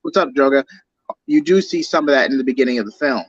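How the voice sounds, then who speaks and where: A man's voice: medium pitch, fast, breathy edge, dry recording. Dry, lo-fi man arguing the details. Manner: analytical, argues fine points of canon. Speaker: podcast co-host. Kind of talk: casual discussion of a comic-book film.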